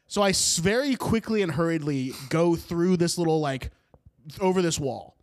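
High-voiced young man telling a comic story. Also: normal speed. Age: 20s. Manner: animated, laughs mid-sentence, swears freely. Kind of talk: casual comedic storytelling.

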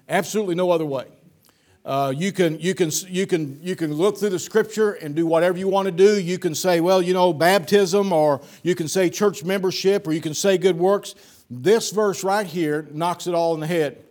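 A man, a pastor, preaching an evening sermon with emphatic repetition that climbs in intensity. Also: darkish tone. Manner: emphatic, repeats words, builds in pitch and force.

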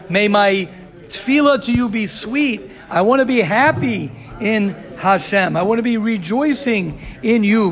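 Speaking in a very high voice, this male Torah teacher reads Hebrew passages rapidly, then unpacks them with enthusiasm, frequently asking "right?" and "you hear this?"

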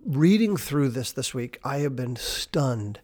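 A man preaching an informal sermon, retelling scripture in a casual, riffing way and slowing down to stress key words. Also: medium pitch, lively intonation, a little mellow. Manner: conversational, unscripted, slows down for emphasis. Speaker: pastor.

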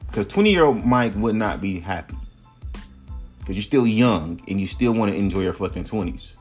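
A man in his thirties, a podcast host, ranting in a casual monologue that is profane, heated and animated. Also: lowish voice, normal speed, faint music behind. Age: 30s.

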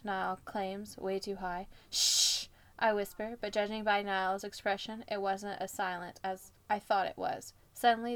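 On her podcast, this co-host reads fan fiction out loud, adding remarks along the way, and her pitch leaps upward whenever she voices quoted dialogue.

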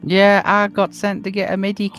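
Brief: man playing a frantic young soldier boy, high and stammering, with music behind. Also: completely flat delivery, normal speed, a bit bright. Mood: panicked. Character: panicked young male soldier lad.

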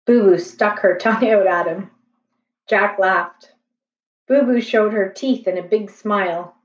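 A woman reading a children's chapter book aloud in a slow, gentle, expressive way. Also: mid-range voice. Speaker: storybook reader. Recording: echoey room, distant, slightly dull.

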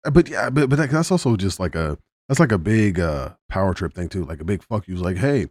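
A young man with a very low voice chats on a podcast in a relaxed, slangy way. He backs up his friend, then tells his own work story. The room sounds dry and close. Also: fairly quick, no echo. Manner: laid-back, supportive, slangy. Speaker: podcast co-host. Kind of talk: casual chat.

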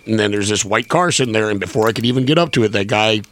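A man's voice: fairly low pitch, very fast, a bit bright. A man casually co-telling a bar story, wryly adding corrections and details. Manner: wry, chiming in with corrections.

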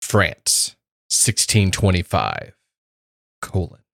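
A man's voice: low voice, huge pitch swings, very slow, vocal fry, fairly bright tone, no room sound. A man co-hosting a podcast, chatting casually with dry, wry remarks. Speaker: podcast co-host.

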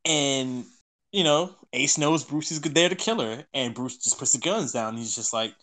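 A man guest on a podcast, chatting casually, getting excited and emotional and laughing often. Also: mid-range voice, moderate pace.

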